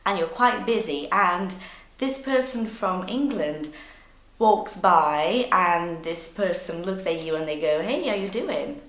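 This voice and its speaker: Woman English teacher, Portuguese first language, lower voice, slow and animated, acts out examples; roomy echo. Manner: animated, acts out nervous learner in little scenes. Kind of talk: casual spoken lesson with acted examples.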